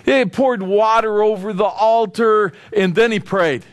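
High-voiced pastor preaching slowly. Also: male voice, no room sound. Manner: animated storytelling, acting out voices of figures; asks the congregation questions. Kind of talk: sermon.

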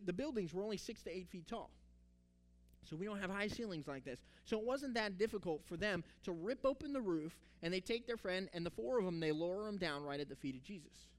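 Guy preaching a sermon, pretty high voice, gets into the story and does little voices for the people in it. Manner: animated storytelling, acts out the characters. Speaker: pastor.

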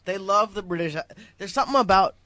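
Guy from hawaii cohosting, goofy and crude, kinda higher voice, rambles a lot. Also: expressive, quick pace, bright, forceful tone. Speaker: podcast co-host. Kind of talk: casual prank-call podcast chat.

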